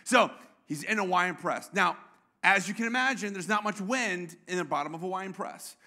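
A man's voice: high voice, normal speed, bright, forceful tone. A man preaching a sermon to a congregation, playful and quizzing the room with questions. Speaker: pastor. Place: church.

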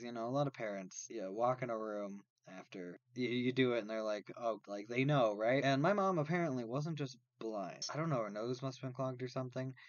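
Brief: young American man, comic storyteller, animated with loud acted bursts, dry and slightly dull home recording. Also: mid-range voice, dry recording. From United States. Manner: animated, acts out quotes with sudden loud outbursts. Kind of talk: comedic storytelling.

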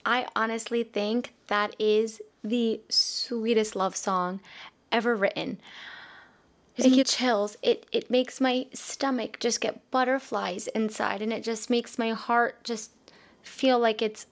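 Slow-talking gushing woman reacting to music. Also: a little high. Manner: gushing, emotional, heartfelt. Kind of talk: casual reaction commentary.

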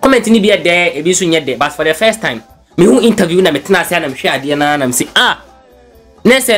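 A man's voice: a little high, expressive, quick pace, fairly bright tone, soft background music. Chatty Ghanaian man hosting a blog show. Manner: chatty, switches freely between languages. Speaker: news blog host. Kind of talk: casual commentary mixing English and Twi.

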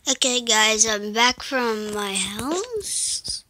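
A woman giving casual let's-play commentary while she plays, muttering to herself, slipping into whispers and breaking into sudden excited outbursts. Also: a little high, extremely slow, no room sound, low-quality recording.

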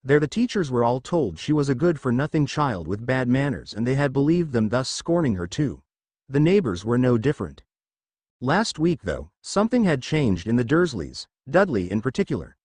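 Male fanfiction narrator, expressive audiobook read, dry close mic. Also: medium pitch, moderate pace, no echo.

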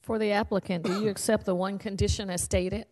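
A woman, a city administrator, chairing a public meeting and reading agenda items in a measured way. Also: mid-range voice, steady tone, darkish tone. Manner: measured, reads items out slowly. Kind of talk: formal public meeting procedure.

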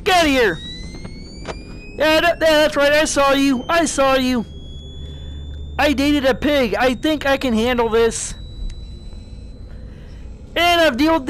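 A man voicing a nervous, goofy male frog puppet in a high, thin, nasal voice, commenting jokily and in a panic while he plays in character. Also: unhurried, long pauses, fairly bright tone, a little hiss or hum. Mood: scared. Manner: panicky, jokey, blurts out beep-boop noises. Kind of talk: in-character let's play commentary.

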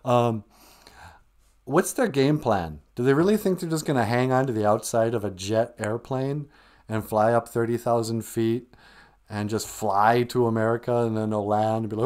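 A man's voice: medium pitch, moderate pace, a little mellow. A man hosting a live stream, chatting casually in a jokey, teasing, rambling way.

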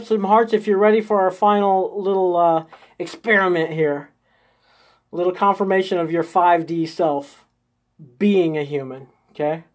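His voice sits high and a little mellow as he hosts a live-streamed spiritual coaching session. Step by step, he leads viewers through an inner exercise, pausing every few sentences for a coaxing "okay?" or "right?"

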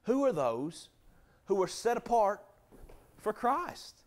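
A man preaches to his church in a high, lifted voice. He swings from loud, emphatic rises down to soft drops, and keeps asking the congregation direct questions. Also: sing-song, slow. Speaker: pastor. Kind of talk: sermon.

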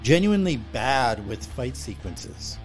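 A man's voice: medium pitch, sing-song, unhurried, faint music behind. A man reviewing a film on a podcast, laid-back and jokey in casual chat.

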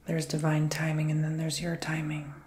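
A man giving an ASMR Reiki healing and tarot session, talking in a soft, mostly whispered, meandering and reassuring way. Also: a little high, monotone, normal speed, echoey room.

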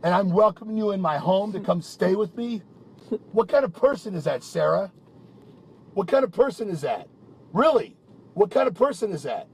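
A man's voice: high voice, lively intonation, moderate pace, a little mellow, slightly rough. A man in a heated private argument, talking in an angry, profane, accusing rant.

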